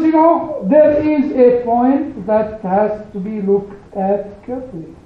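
Animated, emphatic man in an echoey room. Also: extremely high pitch. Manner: animated, emphatic, pauses to stress single words. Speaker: teacher leading a Bible study group. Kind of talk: storytelling to a small group. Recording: echoey room on a phone-like recording.

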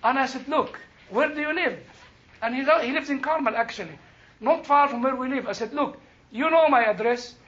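A man's voice: extremely high pitch, brisk, highs cut off. An older man teaching a Bible class, telling a story with laughter and emphatic outbursts. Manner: animated, laughing, rising to emphatic bursts.

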